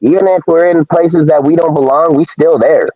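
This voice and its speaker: A man's voice: a little high, steady tone, normal speed, no room sound. Fired-up, profane man ranting live. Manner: profane, heated and confrontational. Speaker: live show host. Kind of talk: live-stream rant. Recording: dull lo-fi dry stream audio.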